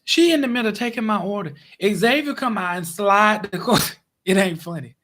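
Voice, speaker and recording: A man telling a casual, exasperated story to his viewers, with big swings in his voice. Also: moderate pace. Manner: animated, exasperated retelling with big pitch swings. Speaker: vlogger.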